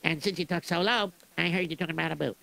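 A man's voice: fairly high pitch, steady tone, fast talker, creaky, bright, forceful tone. A man playing a poor, meek shoemaker who stammers and hesitates. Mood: eager.

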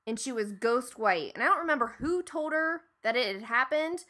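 A woman's voice: a little high, expressive, normal speed, pushed and bright. A woman in her thirties from Ohio, telling a family story in casual chat, acting out quoted lines and swearing freely.

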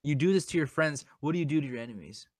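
A man's voice: fairly high pitch, animated, fast talker, dry recording, studio quality. A man hosting a comedy podcast, talking in a mock-dramatic, self-pitying way and often stammering over his words. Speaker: podcast host.

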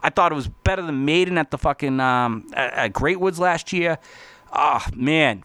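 A man talking casually as a podcast host, rambling and swearing constantly, getting excitable. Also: fairly high pitch, normal speed, clear, resonant tone, dry recording. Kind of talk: casual profane monologue.

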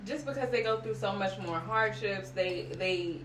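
Outspoken woman guest, off-mic and distant, echoey room with clear background noise. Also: medium pitch, normal speed, fairly bright tone. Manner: outspoken, swears when annoyed. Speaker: podcast guest. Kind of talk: casual group discussion.

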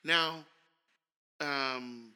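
A man in his thirties co-hosting a casual podcast, animated and teasing, laughing often. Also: mid-range voice, extremely slow. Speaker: podcast co-host, father.

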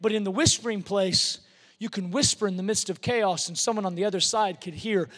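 A man's voice: sits high, a little fast, fairly bright tone. A man preaching a sermon, emphatic and given to repeating words as he builds a point. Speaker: pastor. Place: large church hall. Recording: long hall reverb.

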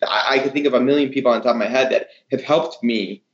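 A man, a hairdresser and educator, talking in a casual interview with enthusiastic, animated storytelling. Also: medium pitch, fast. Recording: roomy, slightly dull sound.

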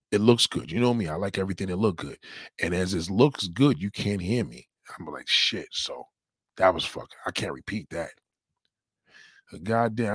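A man hosting a livestream, ranting loudly and profanely, rambling and repeating his catchphrases. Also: lowish voice, no echo, clean studio sound. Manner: loud, rambling, repeats catchphrases, heavy swearing. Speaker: livestream host.

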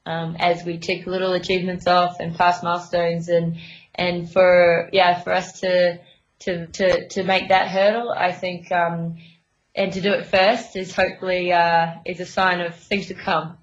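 A woman's voice: fairly low pitch, little pitch movement, unhurried. Hesitant woman on a dull line. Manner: hesitant, many fillers and restarts. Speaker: interviewed sailor. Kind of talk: casual radio interview.

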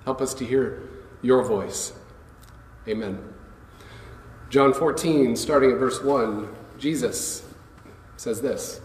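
A man's voice: mid-range voice, slow, pauses often. A man preaching a sermon, reading scripture and then retelling it in casual, conversational speech. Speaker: pastor. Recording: echoey hall, voice from far off.

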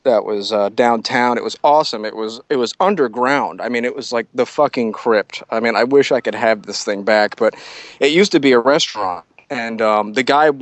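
A man's voice: medium pitch, normal speed, no room sound. Rambling, swearing man telling stories. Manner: rambling, swears freely, self-mocking. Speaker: podcast guest, artist. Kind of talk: casual storytelling chat.

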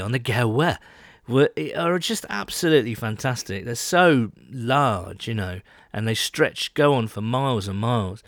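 A man's voice: medium pitch, a bit bright, dry recording. British male podcast co-host, chatty and self-mocking, recorded close and dry. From Britain. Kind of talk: casual podcast chat. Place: home, London.

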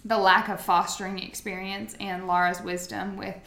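A woman's voice: mid-range voice, flat delivery, moderate pace, fairly bright tone. A woman in her thirties telling stories in a casual chat. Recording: echoey room.

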